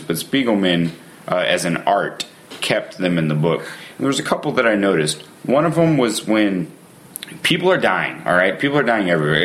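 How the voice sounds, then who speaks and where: A man hosting a podcast, talking about a book in a casual, enthusiastic way with lively asides. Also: low voice.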